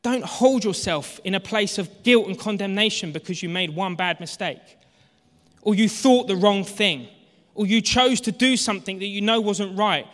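A fervent preacher in his thirties delivers a sermon in a high, bright voice. He drops to near-hushed tones, then climbs to shouting. The sound carries the long reverb of a large hall. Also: normal speed. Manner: impassioned, swings from hushed to shouting. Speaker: pastor.

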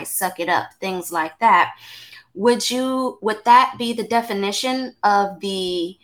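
Lady hosting a podcast, talks slow, careful probing questions. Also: mid-range voice, a bit bright. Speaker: podcast host.

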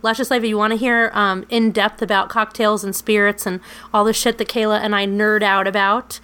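A woman's voice: mid-range voice, flat delivery, brisk, fairly bright tone, clean tone. A woman co-hosting a podcast, chatting casually and rambling, swearing freely and laughing often. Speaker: podcast co-host. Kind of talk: casual podcast outro chat.

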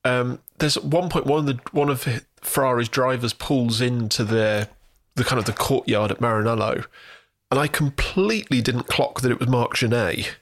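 Relaxed podcast co-host. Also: male voice, medium pitch, moderate pace. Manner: relaxed, trails off and restarts, laughs along. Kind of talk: casual film review chat.

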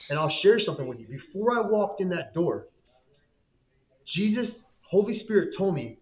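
The recording, tinny as a phone call, captures a man with a high-sitting voice and wide pitch swings speaking at a normal speed. He's a business owner and guest, passionately telling his faith story in casual slang, repeating himself and restarting often.

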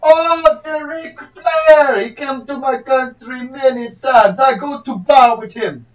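A man's voice: very high voice, takes it slowly, lo-fi sound. A man voicing a boastful fake foreign lawyer who talks in broken English. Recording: distant from the mic.

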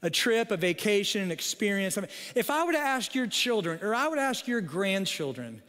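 A man's voice: sits high, sing-song, moderate pace, a bit bright. A middle-aged man, a pastor, telling a funny family story in a sermon, with frequent "okay?" asides. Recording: long hall reverb.

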